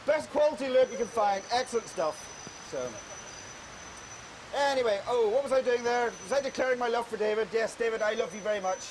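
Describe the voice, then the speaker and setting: A man's voice: very high-pitched, brisk, a little hiss or hum, low-quality recording. A man with a Northern Irish accent, bantering cheekily with a crowd from an outdoor square. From Northern Ireland. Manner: cheeky, teasing, joking. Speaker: public art participant addressing a crowd. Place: outdoors in a large public square.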